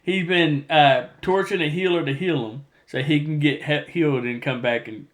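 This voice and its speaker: A man talking casually as a podcast host, walking through a book's plot in a loose, rambling way. His voice sits a bit higher than most men's, and he slips into little character voices when he quotes someone. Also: normal speed. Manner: rambling storyteller, acts out quoted lines. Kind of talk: casual chat retelling a novel.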